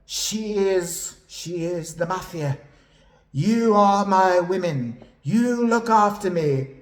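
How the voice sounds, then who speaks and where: A woman voicing a sharp-tongued, theatrical older woman who scolds a room full of younger housemates. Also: fairly low pitch, takes it slowly. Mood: indignant. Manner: indignant, dramatic scolding. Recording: echoey room.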